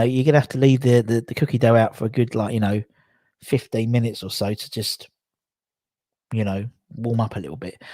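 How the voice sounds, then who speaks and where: A man's voice: medium pitch, a little mellow, no echo. A man, chatting casually on a livestream, rambling and self-correcting as he reads out viewer comments. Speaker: livestream host.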